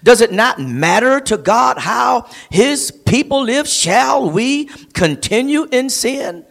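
A man's voice: very high-pitched, very animated, slow pace, gravelly, fairly bright tone. A male pastor preaching an emphatic sermon to a streamed congregation. He repeats and builds phrases, rising to near-singing on key words. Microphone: streamed service.

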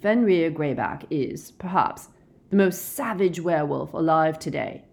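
A woman reading a calm, weary middle-aged werewolf man, measured and gentle in an audiobook. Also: low voice, vocal fry, exaggerated voice.

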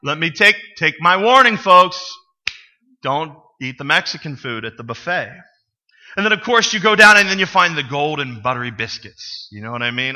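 A man's voice: a little high, big pitch swings, moderate pace, pushed and bright, dull audio. A man preaching a sermon to his congregation, telling stories with humor and asking the people questions. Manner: conversational storytelling with humor, asks the congregation questions. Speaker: pastor. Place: church sanctuary.

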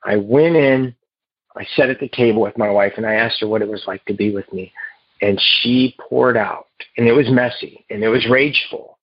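A man telling his recovery story to a meeting in a halting, earnest way, heard over a phone. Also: on the low side, husky, no room sound. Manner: halting and earnest, with repeated restarts. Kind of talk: personal recovery story told to a group. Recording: muffled phone line.

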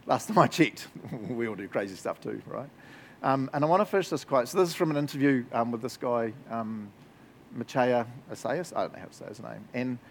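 A man's voice: medium pitch, slight background noise. A man preaching a casual sermon with enthusiasm, often laughing and checking in with "right?" and "eh?". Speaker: pastor.

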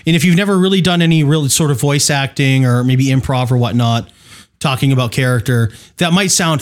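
A man co-hosting a podcast, giving relaxed conversational tips on running a tabletop game, with frequent restarts and "sort of". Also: medium pitch, fairly quick. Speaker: podcast co-host. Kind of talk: casual tabletop gaming chat.

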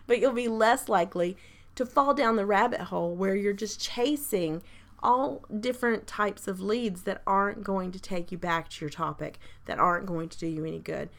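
A woman with a croaky voice hosting a casual solo podcast, chatty and rambling, with frequent light laughs and audible intakes of breath. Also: mid-range voice, normal speed. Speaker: podcast host.

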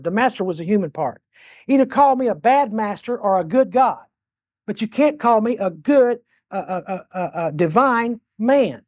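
A man's voice: high voice, darkish tone, no room sound, lo-fi sound. An older man preaching a sermon, blunt and folksy, repeating his points and often restarting mid-phrase.

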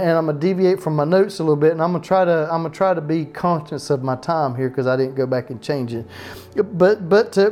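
This is a pastor preaching at home in a loose, talky way, with a voice of middling pitch. The pastor keeps circling back with restarts and quick asides about straying from the notes. It sounds like a small home Bible study, not a big church. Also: a little mellow. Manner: conversational preaching, frequent restarts and off-note asides.

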